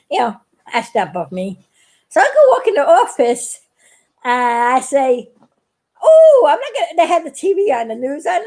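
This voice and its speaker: A middle-aged woman with a high voice rambles through a personal story for her viewers. She giggles often and trips over her words as she restarts her sentences. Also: a little mellow. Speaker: vlogger.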